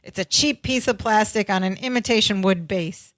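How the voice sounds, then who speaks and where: A woman's voice: medium pitch, normal speed, dry recording. Woman narrating a sitcom recap on a podcast. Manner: narrates plot, quotes dialogue, laughs easily. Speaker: podcast co-host. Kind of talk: casual chat.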